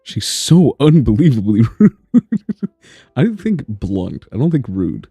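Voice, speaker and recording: Gravelly, dark-voiced male game streamer. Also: medium pitch, big pitch swings, takes it slowly, dry recording, faint music behind. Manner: swearing, laughing, reading dialogue aloud. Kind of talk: game playthrough with commentary.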